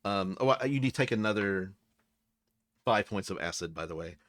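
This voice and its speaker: Brief: game master, man, lowish bright voice, dry close mic, loose and halting. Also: animated, no room sound. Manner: casual, halting, many fillers. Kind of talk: narrating a tabletop game.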